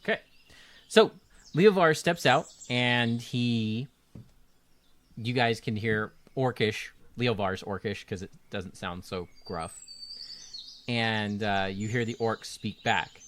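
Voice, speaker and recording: A man narrating a tabletop game as game master, relaxed and joking. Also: fairly low pitch, slow pace.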